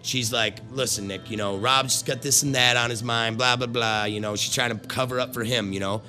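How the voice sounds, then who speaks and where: A man's voice: mid-range voice, steady tone, fairly quick, bright, forceful tone, soft background music. Blunt foul-mouthed middle-aged man. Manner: profane, blunt, swears constantly; rambling with restarts. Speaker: former carnival worker. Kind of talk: casual storytelling.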